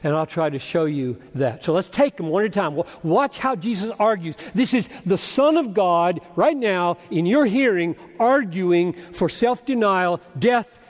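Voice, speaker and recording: A man's voice: high-pitched, animated, unhurried, few pauses. Emphatic man preaching in a large hall. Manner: argumentative, emphatic, swings from loud urging to hushed. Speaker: pastor. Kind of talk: expository sermon. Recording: long reverb of a large hall.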